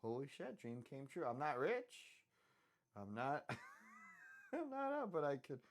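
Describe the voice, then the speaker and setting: A man's voice: a little high, wildly swooping pitch, slow, slight background noise. A young man streaming a live drawing session, rambling and joking with viewers, interrupting himself with asides and apologies. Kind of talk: rambling livestream chat while drawing.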